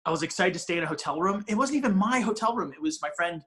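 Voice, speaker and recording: A man's voice: sits high, lively intonation, very fast, pushed and bright. A male comedian telling a long, rambling, self-mocking story in a casual interview, swearing freely and restarting his sentences. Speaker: comedian guest.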